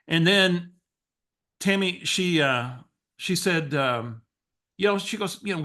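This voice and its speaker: A man's voice: fairly high pitch, normal speed, sharp tone. A man, a real estate coach telling a story on a coaching call and acting out the quoted dialogue, with frequent restarts. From Texas.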